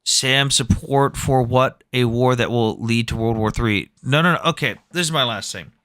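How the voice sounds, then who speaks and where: A man's voice: medium pitch, moderate pace, fairly bright tone, no room sound, clean studio sound. A man hosting a live debate stream, arguing bluntly, citing numbers and swearing freely. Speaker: debate livestream host.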